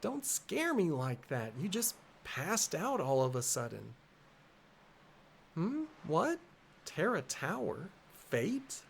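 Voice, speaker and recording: A man's voice: fairly high pitch, sing-song, slow pace, creaky, a little hiss or hum, voice pushed up, exaggerated voice. A man voicing a caring, teasing teenage girl in a raised, coaxing sing-song, reading game dialogue aloud.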